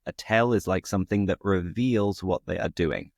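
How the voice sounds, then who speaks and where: A man's voice: low voice, moderate pace, gravelly, no echo, clean studio sound. A British man hosting a podcast, chatting casually and laughing at his own jokes. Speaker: podcast host, English teacher.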